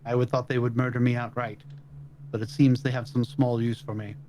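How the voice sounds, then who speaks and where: A man's voice: mid-range voice, little pitch movement, brisk, warm tone, slight background noise, close to an everyday voice, rough recording. A man voicing a captive dragon servant who speaks in a formal, archaic way. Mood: solemn.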